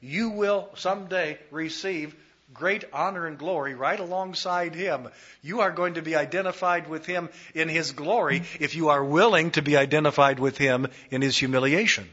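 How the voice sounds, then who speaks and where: A man's voice: on the high side, normal speed, fairly bright tone, slightly rough, muffled recording. A man preaching an expository sermon, repeating phrases for emphasis.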